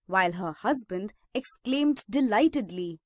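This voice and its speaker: A woman teacher reading a story aloud slowly and expressively for a school lesson. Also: mid-range voice, lively intonation, dry recording, studio quality.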